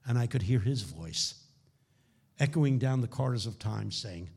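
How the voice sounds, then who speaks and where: A man giving a conference keynote sermon, telling stories dramatically and dropping to hushed lows. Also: lively intonation, moderate pace, gravelly, husky. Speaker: keynote speaker. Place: conference hall.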